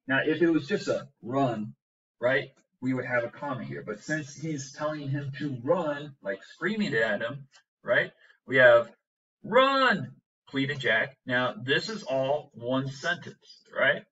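A man's voice: medium pitch, bright, forceful tone. Man teaching from a distant, dull mic. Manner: explains step by step, tags lines with "right?". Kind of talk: recorded writing lesson.

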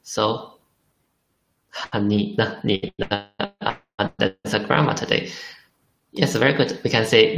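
A man's voice: fairly low pitch, unhurried, a bit bright, reverberant, low-quality recording. A man teaching a lesson in English, patiently repeating syllables for drills. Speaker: Chinese teacher. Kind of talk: language lesson.

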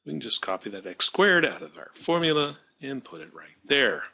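A male math teacher narrates a screen-recorded tutorial, his voice bright and a little husky. His pitch moves up and down a lot, and he thinks aloud as he works, stopping to fix his own mistakes. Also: very animated, normal speed. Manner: thinking aloud while working, self-correcting.

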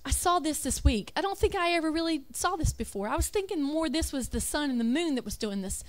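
A woman's voice: high-pitched, lively intonation, a little fast. A woman giving an emphatic religious talk over slides, with rhetorical questions and self-corrections. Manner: reads lists aloud, self-correcting. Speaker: religious speaker.

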